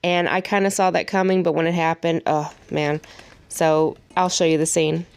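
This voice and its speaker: A woman's voice: deep voice, level tone, moderate pace, smooth. Chatty woman reviewing a TV show. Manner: chatty and emotional, with frequent laughs. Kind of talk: casual spoken review.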